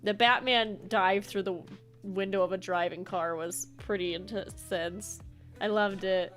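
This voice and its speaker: A woman's voice: mid-range voice, fairly even intonation, measured pace, a bit bright, faint music behind. A woman streaming a video game, chatting casually and giggling as she plays. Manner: chatty, giggly, explains her character voices. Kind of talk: casual chat while playing.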